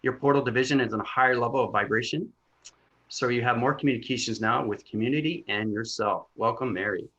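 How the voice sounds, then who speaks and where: A man on a video call, doing an energy healing scan as he rattles off spiritual jargon in a quick, trailing run. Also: mid-range voice, a bit bright. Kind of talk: rapid spiritual scanning chant. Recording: dull lo-fi video-call audio.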